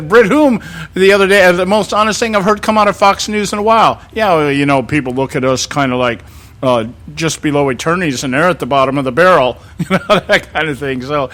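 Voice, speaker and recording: Talk radio host, male, higher pitch, casual and mocking. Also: fairly bright tone. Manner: sarcastic, laughing, rambling with fillers.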